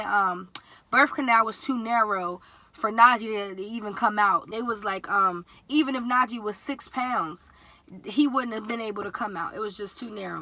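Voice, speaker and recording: A young woman in her twenties telling a casual storytime vlog, chatty and animated, slipping into a higher voice when quoting her dad. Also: dry recording. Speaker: vlogger.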